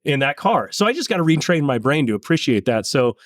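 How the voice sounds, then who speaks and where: Halting, earnest man telling a racing story. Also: fairly high pitch, sing-song, no room sound. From California. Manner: earnest, halting, with many restarts. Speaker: land speed racer. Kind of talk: casual interview storytelling.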